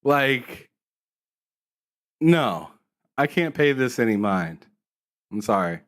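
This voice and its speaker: A man on a gaming stream panel who talks haltingly and sounds incredulous, restarting and repeating words. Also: mid-range voice, sing-song, fairly bright tone. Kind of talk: casual gaming chat on a live stream.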